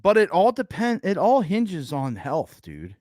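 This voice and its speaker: Man, philadelphia accent, sports podcast co-host, lively swinging pitch, dry close sound. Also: a little slow, no room sound. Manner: animated, profane, emphatic. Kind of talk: casual sports chat. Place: remote call.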